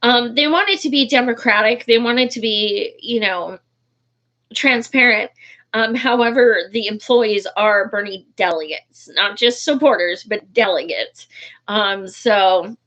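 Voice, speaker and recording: A woman's voice: medium pitch, unhurried, a bit bright. A woman, a political activist, talking casually and heatedly, swearing often and restarting her sentences, with many fillers. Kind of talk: casual vlog talk. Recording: dull lo-fi recording.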